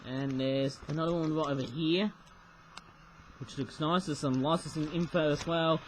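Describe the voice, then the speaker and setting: Man, high voice, rambling toy review, webcam mic, faint background hiss. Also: fairly even intonation, moderate pace, low-quality recording. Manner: rambling, keeps adding "though, eh?". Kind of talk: casual toy review vlog.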